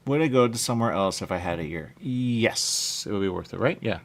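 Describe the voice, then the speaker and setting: A man's voice: lowish voice, fairly quick, vocal fry, a little hiss or hum. A man hosting a talk radio show, chatting casually in a rambling way and often checking in with "okay?". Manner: chatty, keeps saying "okay?" and "there you go".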